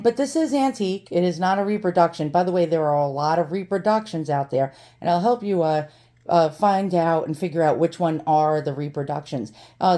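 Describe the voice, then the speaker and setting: A woman's voice: fairly low pitch, warm tone. A woman with a New York accent casually demonstrating up close on camera and talking as she goes, often repeating words for emphasis. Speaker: antiques channel host. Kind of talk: casual show-and-tell demonstration.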